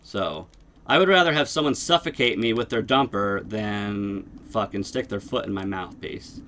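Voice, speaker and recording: A man's voice: fairly low pitch, moderate pace, fairly bright tone, slight background noise. A young man livestreaming, ranting casually and bluntly and swearing constantly. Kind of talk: casual profane rant. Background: music playing.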